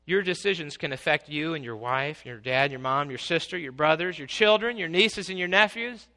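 A man preaching a sermon as pastor, swinging from quiet asides to loud, exclaiming passages. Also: on the high side, lively intonation, moderate pace.

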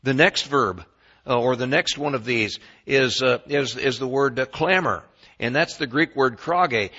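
A man preaching a sermon in a folksy storytelling way, swinging between quiet asides and loud bursts. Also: mid-range voice, slightly rough, highs cut off.

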